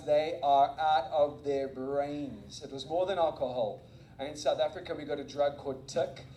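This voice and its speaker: A man with a notably high voice delivers an energetic sermon, mixing stories with jokes at his own expense. His words ring around a roomy, echoing church hall. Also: a little hiss or hum. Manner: animated, self-mocking, laughs often. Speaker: guest preacher and missionary. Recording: echoey room.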